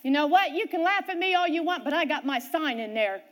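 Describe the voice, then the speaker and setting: Speaking a little fast in a high voice, this middle-aged preacher relates a personal story in her sermon. She alternates lively between loudness and quiet.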